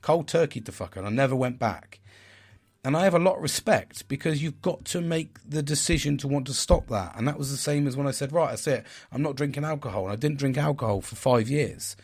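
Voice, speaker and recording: A man in his forties talks candidly as a podcast host. His delivery is frank and rambling, with plenty of swearing. His voice sits in an ordinary middle pitch. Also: animated, fairly quick, darkish tone, husky. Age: 40s. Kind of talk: candid personal talk.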